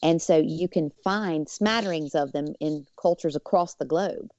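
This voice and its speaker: Low gravelly woman telling a story. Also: unhurried, no room sound, highs cut off. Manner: lively, acts out quoted voices; many fillers. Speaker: podcast guest. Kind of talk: personal storytelling.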